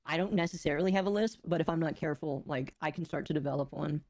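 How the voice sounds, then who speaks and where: A woman's voice: sits low, fast talker, a little mellow, dry recording. A woman podcast co-host adding wry, joking asides during reaction commentary.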